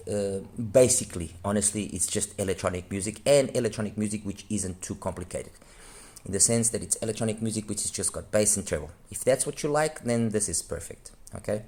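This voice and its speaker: A man with a fairly low, slightly mellow voice reviews audio gear in an unscripted monologue. He's frank and rambling, often breaking off mid-sentence to correct himself.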